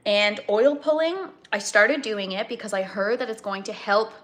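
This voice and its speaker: A woman's voice: mid-range voice, moderate pace, fairly bright tone. A woman from Canada hosting a live cooking stream, rambling in casual chat and greeting viewers by name.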